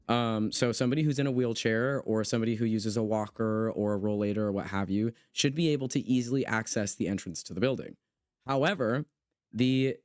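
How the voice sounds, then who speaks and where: A man's voice: medium pitch, dry recording. A man hosting a livestream conversation with a guest, talking in an emphatic, impassioned way and reading out chat comments as he goes. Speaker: livestream host interviewing a guest.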